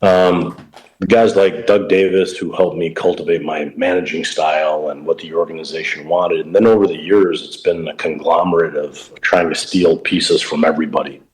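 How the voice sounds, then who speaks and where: A man's voice: rumbling low, steady tone, normal speed, low-quality recording. A middle-aged man, a professional baseball coach, talking casually in an interview and telling coaching stories in a plain-spoken way. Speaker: pro baseball coach, guest.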